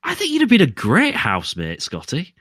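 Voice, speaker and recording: A man's voice: on the high side, wildly swooping pitch, a little fast, a bit bright, dry recording, studio quality. A man hosting a podcast in casual chat, playful and giggly as he runs a quiz game. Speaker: podcast host.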